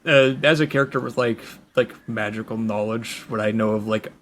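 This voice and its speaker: A man's voice: on the low side, fairly even intonation, moderate pace, a bit bright. Brief: male player at a tabletop game, hesitant casual talk, faint background noise. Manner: casual, hesitant, lots of fillers.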